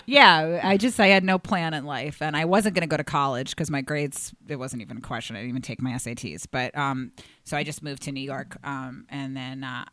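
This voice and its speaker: A young adult woman comedian, a podcast guest, telling animated stories full of laughter and acted-out quotes. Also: extremely low pitch, fairly quick, no room sound. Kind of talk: casual storytelling chat.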